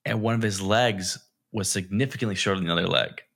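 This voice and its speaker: Here a young male co-host on a podcast talks fast in a lowish voice, telling a lively story in casual chat and voicing each quote as he goes.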